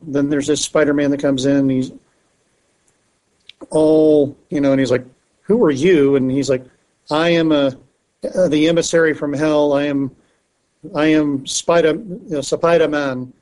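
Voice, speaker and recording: A man's voice: a little high, darkish tone, low-quality recording. Rambling man recapping comics. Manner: rambling, with frequent fillers and restarts. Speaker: podcast co-host. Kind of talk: casual comic book review chat.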